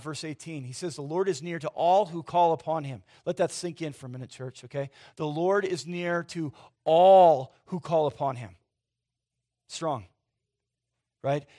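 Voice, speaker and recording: Middle-aged male pastor, informal preaching with frequent "right?", voice a little higher than most men. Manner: conversational, asks "right?" and "okay?" often, swings from loud to hushed. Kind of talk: sermon.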